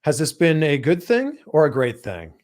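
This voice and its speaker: A man's voice: on the high side, wildly swooping pitch, normal speed, very noisy. A man from Canada hosting a casual interview, enthusiastic, often repeating words as he finds his phrasing. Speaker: interviewer host.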